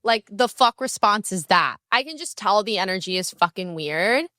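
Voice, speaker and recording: A young woman hosts her own podcast, chatting in a brash, candid and profane way, her pitch swinging up and down as she tells a story. Her voice is smooth and full, and it is recorded close and dry, with no room sound. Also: lively intonation, normal speed, pushed and bright, no room sound. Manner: swinging pitch and bursts of speed. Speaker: podcast host. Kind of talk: casual solo podcast chat.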